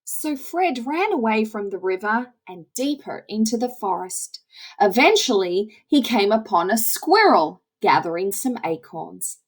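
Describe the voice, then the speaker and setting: A woman reading a children's story aloud in a slow, expressive storytelling way. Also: medium pitch, husky.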